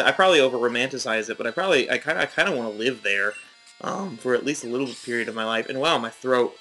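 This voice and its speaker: A man's voice: mid-range voice, sharp tone, poor audio. A young man giving rambling, chatty, self-mocking commentary while he plays a game. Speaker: let's play host. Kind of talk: casual gameplay commentary.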